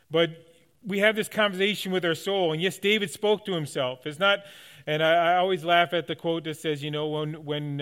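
A man's voice: on the high side, a bit bright, clean tone. A man, the pastor of his church, preaching a conversational sermon to his congregation, with frequent restarts and light laughs. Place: church sanctuary.

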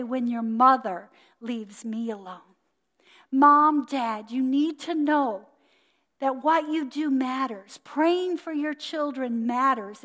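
A woman preaching a sermon, telling stories earnestly and emphatically, her phrases dropping softer at the ends. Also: sits high, in a large hall. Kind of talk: sermon with storytelling.

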